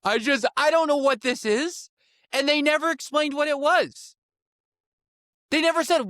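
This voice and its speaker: A man's voice: very high-pitched, a little slow, pauses often, fairly bright tone, dry recording, studio quality. A man co-hosting a political podcast, laughing often and sounding incredulous in casual chat. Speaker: podcast co-host.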